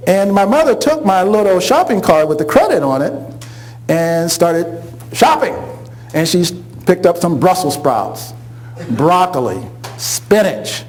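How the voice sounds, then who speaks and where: Animated middle-aged storyteller man. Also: high voice, poor audio. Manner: animated, acts out quoted voices, laughs along. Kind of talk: humorous personal storytelling.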